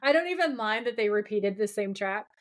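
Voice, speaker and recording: A woman co-hosting a podcast recaps a TV episode in casual chat, her mid-range voice brisk. She's animated, acting out the characters' lines and swearing freely.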